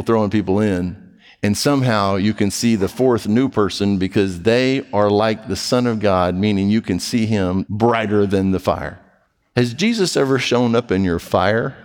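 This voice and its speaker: Preaching man in a reverberant hall. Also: lowish voice. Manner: animated, swinging from loud emphatic reading to soft quiet asides. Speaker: pastor. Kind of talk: sermon.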